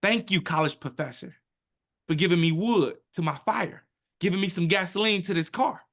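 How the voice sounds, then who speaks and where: Animated man in his thirties telling his story. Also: high-pitched, normal speed. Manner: animated, emphatic, acts out quotes in his own voice. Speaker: podcast guest. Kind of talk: emotional personal storytelling.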